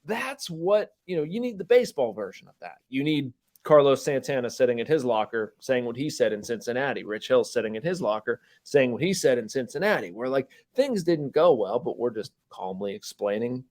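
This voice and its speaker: A man co-hosting a sports podcast as a journalist, telling stories in a quick, modest way full of "you know". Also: medium pitch, expressive, darkish tone. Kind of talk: casual sports podcast chat.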